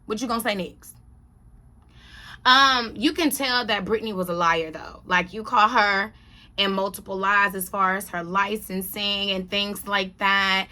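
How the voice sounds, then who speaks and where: A woman's voice: medium pitch, steady tone, unhurried, bright, forceful tone. A woman hosting a casual reality TV recap, blunt and sassy, repeating lines for emphasis. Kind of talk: casual opinionated chat.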